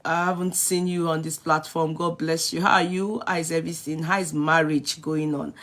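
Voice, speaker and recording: A middle-aged Nigerian woman talks to her live-stream audience in a bright, clear voice. She is chatty and greets each viewer by name. She now and then switches into Yoruba phrases. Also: low-pitched, fairly even intonation, normal speed. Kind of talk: casual live-stream chat.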